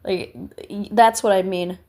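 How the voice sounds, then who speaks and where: A woman's voice: mid-range voice, fairly even intonation, measured pace, warm tone. Woman, fan commentary, theatrical mock despair, rambling, lots of fillers. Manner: dramatic, gushing, mock-despairing. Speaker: book reviewer.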